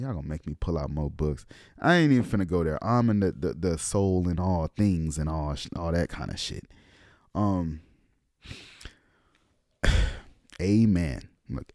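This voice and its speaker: A very deep-voiced man lectures casually, swearing freely and dropping into slang between thoughts. He pauses often on "um", and his voice sounds close and dry, with no room around it. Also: darkish tone, no room sound. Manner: loose, profane, slangy talk with many ums; slows down to read passages aloud. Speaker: occult lecturer, channel host.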